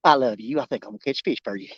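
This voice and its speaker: A man's voice: medium pitch, fast talker, breathy edge, dry recording, dull audio, voice pushed down, close to an everyday voice. A man voicing his fishing rod as a sweet, eager female figure who gushes with affection. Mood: gushing. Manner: gushing, affectionate.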